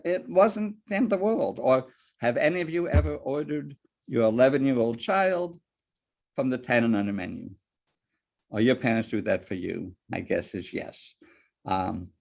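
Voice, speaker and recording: A man lecturing on ethics, mixing stories with rhetorical questions. His pitch swings widely as he talks, and a gravelly fry runs through his voice. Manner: lively storyteller, rhetorical questions. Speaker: board ethics trainer. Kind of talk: lecture with personal anecdotes.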